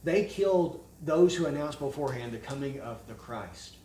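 A man preaching an expository sermon, forceful and emphatic, firing off rhetorical questions. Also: a little high, lively intonation, moderate pace, heavy background noise. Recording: echoey room, mic at a distance.

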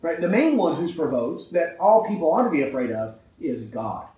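A man's voice: on the high side, sing-song, normal speed, roomy sound, distant mic, dull audio. A man preaching a sermon with emphasis, often asking his listeners rhetorical questions and checking in with "right?".

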